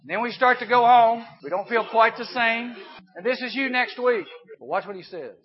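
High-voiced man preaching to a youth camp. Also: normal speed. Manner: emphatic, swings from hushed to loud. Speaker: camp speaker. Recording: dull lo-fi recording.

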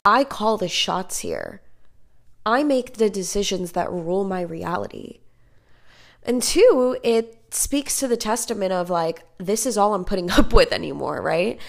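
A woman's voice: medium pitch, gravelly. A young woman coaching viewers on manifesting in an emphatic, repetitive casual monologue, swearing now and then.

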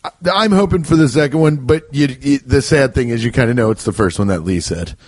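A young adult man hosting a podcast alone, telling rambling, profane, joking stories and putting on quick voices for the people in them. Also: mid-range voice, darkish tone, dry recording. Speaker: podcast host. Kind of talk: casual rambling monologue.

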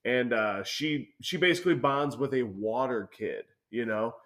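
A man's voice: mid-range voice, a little slow, fairly bright tone. A young man telling a rambling, profanity-filled story in casual chat as a podcast co-host.

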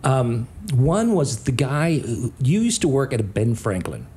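A man's voice: mid-range voice, measured pace, slightly rough. A middle-aged man telling prank stories in a casual chat, acting out the voices of the people in them. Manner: animated, does character voices in anecdotes. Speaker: podcast co-host.

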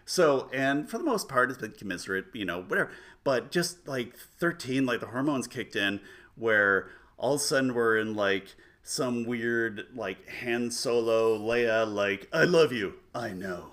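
A man's voice: medium pitch, a little slow, fairly bright tone. A man in his forties telling a rambling family story in casual chat, full of restarts and self-mocking humor. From United States.

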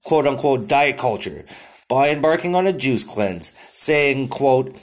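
A man's voice: mid-range voice, expressive, a little slow. A young adult man hosting a podcast, chatting casually about the news with constant swearing and lots of "like" fillers. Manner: profane, rambling, heavy "like" fillers. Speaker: podcast host. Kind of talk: casual news-commentary chat.

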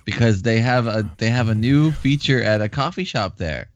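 A man on a podcast, telling a story in a halting, teasing way. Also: medium pitch, no room sound. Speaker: podcast co-host. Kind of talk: casual chat.

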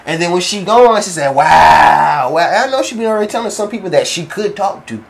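A young man chats casually and tells a story, his voice pitched a touch high. He acts out every quote in animated slang. Faint background noise runs under the recording. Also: quick pace.

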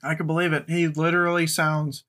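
Blunt, rambling man, slightly high voice. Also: level tone, a little fast, a bit bright. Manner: rambling, blunt, restarts often. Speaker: podcast host. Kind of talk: casual movie chat.

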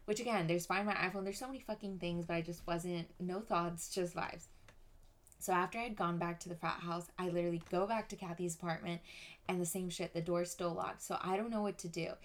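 Young female podcast host, lowish voice, animated and sweary, filler-heavy. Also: fairly quick. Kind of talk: casual storytelling.

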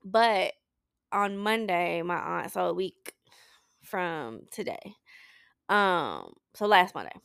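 A woman's voice: fairly low pitch, lively intonation, slow, vocal fry, pauses often, a bit bright, smooth, dry recording, studio quality. A woman hosting a podcast, talking candidly about her week in a personal check-in, rambling with restarts and tearful. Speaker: podcast host. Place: Saint Louis.

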